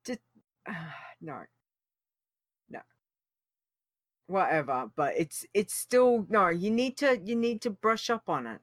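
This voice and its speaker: A woman's voice: medium pitch, big pitch swings, slow pace, pauses often, dry recording, clean studio sound. A woman co-hosting a casual podcast, chatty and teasing. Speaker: co-host.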